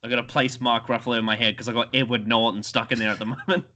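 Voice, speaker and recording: Man, bright crisp voice, quick teasing banter, casual podcast. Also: medium pitch, flat delivery, a little hiss or hum. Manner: quick, teasing, steers the talk. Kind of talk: casual film discussion.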